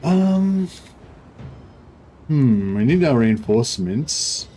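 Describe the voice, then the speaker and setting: A man's voice: medium pitch, very animated, drawn-out words, dark tone. An Australian man streaming a strategy game, chatting casually and rambling with many fillers and restarts. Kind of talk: casual gaming livestream chat.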